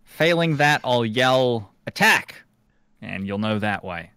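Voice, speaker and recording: A man voicing his grandiose high elf bladesinger character in a tabletop game, in a haughty, theatrical manner. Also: lively intonation, a little slow, fairly bright tone, smooth, no room sound.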